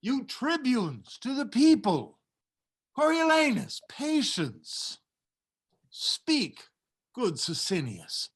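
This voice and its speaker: An actor playing an old Roman patrician who pleads for calm in a declamatory way. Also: mid-range voice, extremely slow, breathy edge, exaggerated voice. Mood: flustered. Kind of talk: stage play reading.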